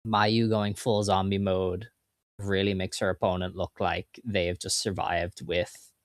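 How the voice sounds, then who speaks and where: A man's voice: deep voice, flat delivery, a little slow, dry recording, studio quality. A man co-hosting a podcast, chatting casually and recapping results in enthusiastic detail. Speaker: podcast co-host. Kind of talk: casual chat.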